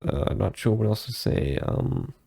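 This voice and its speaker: Gravelly-voiced man rambling over gameplay. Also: fairly low pitch, lively intonation, normal speed, warm tone. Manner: rambling, hesitant with fillers and restarts. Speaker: let's play host. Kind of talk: casual gameplay commentary.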